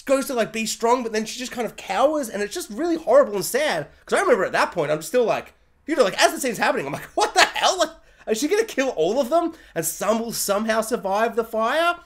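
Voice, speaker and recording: A woman's voice: fairly high pitch, expressive, quick pace. A woman reviewing a TV episode in a loose, ranting vlog style. She sounds baffled and exasperated, with sarcastic asides. She keeps switching into mocking voices for the characters and writers before dropping back to her plain voice. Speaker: TV review vlogger. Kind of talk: casual spoiler-review rant.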